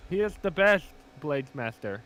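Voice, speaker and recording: A man chatting casually and joking while streaming a co-op game, swearing freely and cutting in with loud bursts. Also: a little high, sing-song, moderate pace. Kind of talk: casual gaming chat.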